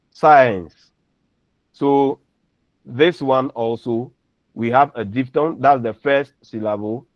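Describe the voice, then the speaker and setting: A man's voice: mid-range voice, no room sound. A man lecturing on phonetics, patiently explaining and repeating example words. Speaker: university lecturer. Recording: dull lo-fi recording.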